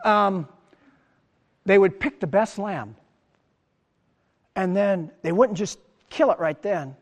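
A man preaching a sermon as pastor, animated, acting out the crowd's words in his talk. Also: high-pitched, takes it slowly, in a large hall. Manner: animated preaching, acts out quoted crowd lines.

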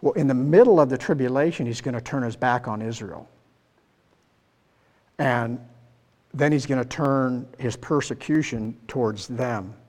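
A man's voice: medium pitch, measured pace, long pauses, a little mellow, big-room sound. A man giving a Bible teaching sermon in a conversational way, often checking in with his listeners. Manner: conversational, asks the listeners questions. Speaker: preacher.

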